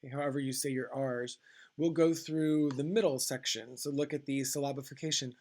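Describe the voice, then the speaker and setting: A young man teaching French pronunciation, reading example words slowly and carefully between casual explanations. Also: medium pitch, steady tone, darkish tone. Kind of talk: pronunciation lesson.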